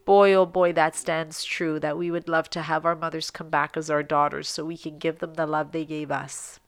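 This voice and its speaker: A woman's voice: deep voice, little pitch movement, moderate pace. A middle-aged woman co-hosting a podcast, giving heartfelt advice in an earnest way, with frequent ums. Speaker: podcast co-host. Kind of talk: casual podcast chat.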